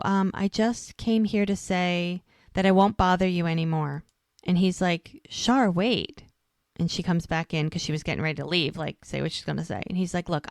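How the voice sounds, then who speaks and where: A woman's voice: on the low side, vocal fry, a little mellow, no echo, clean studio sound. A woman co-hosting a podcast, casually recapping a TV episode by quoting what each character says. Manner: retells scenes by quoting characters, lots of "she's like".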